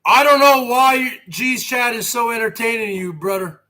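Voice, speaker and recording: A brash man in his forties, hosting a livestream rant, who swears and swings from a quiet voice to a shout. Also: very high-pitched, normal speed. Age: 40s. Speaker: host.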